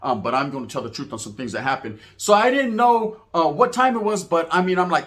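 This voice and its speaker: A man from Merced telling a story in casual talk, slangy and animated, acting out the people in it. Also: on the high side, fairly quick. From Merced, California. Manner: slangy, animated, acts out quotes in voices.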